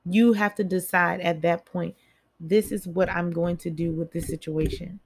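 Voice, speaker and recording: Woman, kinda low voice, chatty motivational talk, repeats stuff for emphasis, talks right to you. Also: steady tone, normal speed, creaky, a little mellow, husky. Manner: chatty, repeats phrases for emphasis, speaks straight to listeners. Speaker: motivational speaker.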